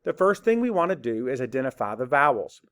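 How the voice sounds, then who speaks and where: A man's voice: mid-range voice, sing-song, brisk, a bit bright, clean tone. A man teaching a phonics lesson to young children, patient and encouraging, speaking straight to the viewer.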